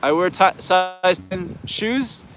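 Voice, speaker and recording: High-voiced Canadian man, wind on mic. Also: slow pace, a bit bright. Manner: easygoing, frank, thinks aloud. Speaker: snowboard coach and channel host. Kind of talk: live viewer Q&A chat.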